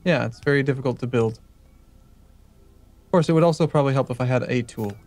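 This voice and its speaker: A man's voice: mid-range voice, fast talker, darkish tone. A man chatting casually during a multiplayer game, dry and teasing. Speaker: game co-player. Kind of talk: casual chat while gaming.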